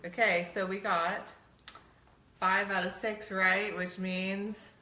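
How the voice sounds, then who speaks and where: A woman's voice: medium pitch, flat delivery, slow pace, bright, forceful tone, roomy sound. A middle-aged woman co-hosting a show, chatting casually and teasingly with her husband, laughing often. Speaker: podcast co-host. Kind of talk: casual chat with spouse.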